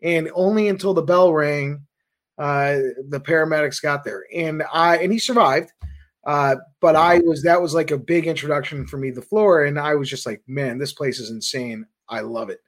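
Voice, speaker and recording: A man, the founder of a trading firm, recounting his career in a casual, animated storytelling way as a podcast guest. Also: fairly high pitch. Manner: animated anecdotes, quick asides.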